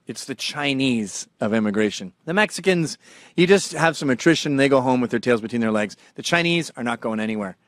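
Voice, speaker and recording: A man in his forties hosting a show, telling profane comedic stories and jumping between low mumbling asides and sudden loud outbursts. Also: animated, fairly quick, dry recording, studio quality. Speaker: show host.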